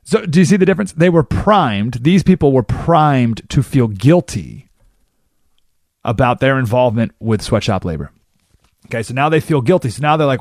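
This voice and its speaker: A man hosting a talk radio show, explaining ideas in a monologue and acting out the people he quotes in quick character voices. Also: medium pitch, sing-song, darkish tone, dry recording, studio quality. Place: radio studio.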